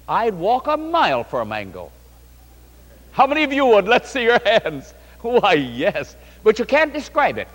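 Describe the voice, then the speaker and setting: A man's voice: sits high, in a large hall. A man preaching a sermon, telling stories and speaking directly to the congregation. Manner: animated storytelling, addresses the congregation.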